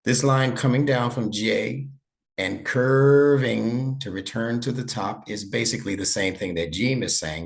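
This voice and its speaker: A man's voice: fairly low pitch, vocal fry. A man teaching an online lesson over a video call, patient and encouraging, praising his student often. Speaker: instructor.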